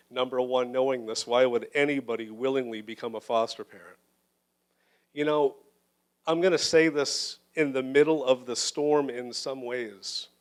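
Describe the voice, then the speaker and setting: A middle-aged man, a pastor, preaching an earnest, personal sermon in a church, holding back emotion as he builds his points. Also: medium pitch. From United States. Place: church sanctuary.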